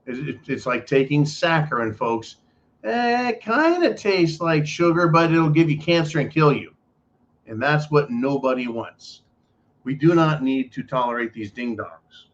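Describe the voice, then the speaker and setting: A man's voice: medium pitch, normal speed, lo-fi sound. A man hosting a political commentary show, delivering an emphatic, profane ranting monologue with lots of repetition.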